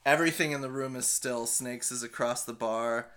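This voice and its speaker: A game master voicing a guarded woman who speaks in calm, clipped lines. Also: medium pitch, moderate pace, natural voice.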